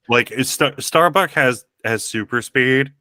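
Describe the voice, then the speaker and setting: A man's voice: medium pitch, slow, pushed and bright, no room sound, studio quality. A man playing a tabletop role-playing game, rambling with restarts and chuckles. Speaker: player.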